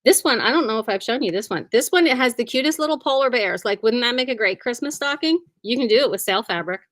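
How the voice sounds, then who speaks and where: A woman's voice: fairly high pitch, expressive, quick pace, fairly bright tone, no echo. A woman who owns a quilting shop, chatting casually and cheerfully about sales in her store, often humming and saying "like". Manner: chatty and upbeat, hums and says "like" often.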